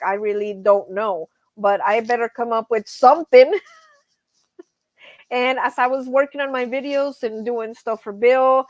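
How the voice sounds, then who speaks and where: A middle-aged woman chats on her own livestream, laughing often and calling out to viewers. Her voice sits a little high. The sound is close and dry with no room echo. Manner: chatty, laughs often, reads out chat names. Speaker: livestream host. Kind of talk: casual livestream chat.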